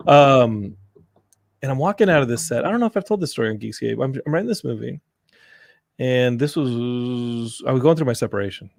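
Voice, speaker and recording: Gravelly-voiced man telling stories. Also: medium pitch, brisk, dry recording, studio quality. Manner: animated storyteller, mimics his mom. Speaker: podcast host and filmmaker. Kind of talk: casual podcast chat.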